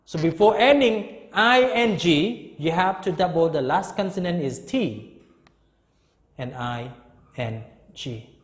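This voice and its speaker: A man in his fifties teaching an English grammar lesson, speaking slowly and emphatically and repeating key words. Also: sits high, expressive, in a large hall.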